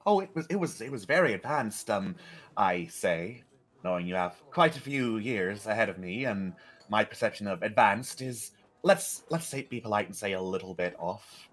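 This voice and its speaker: A man's voice: on the low side, lively intonation, normal speed, fairly bright tone. An actor playing an anxious Englishman, a stage performer living in France, who talks in a hesitant, rambling way. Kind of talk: character role-play.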